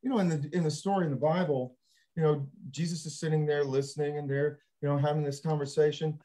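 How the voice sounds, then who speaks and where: A man with a fairly high-pitched voice hosts a casual panel discussion. He is animated and laughs easily, often slipping into acted-out quotes. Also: fast talker. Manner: animated, laughs while talking, acts out quotes. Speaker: panel host.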